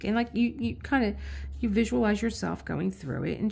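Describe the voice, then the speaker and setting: A woman's voice: medium pitch, lively intonation, normal speed, creaky, a little mellow, breathy edge, soft background music. A middle-aged woman hosting her own channel, chatting casually in a rambling, storytelling way while she works on an art project. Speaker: artist and channel host. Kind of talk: casual chat while working on a craft project.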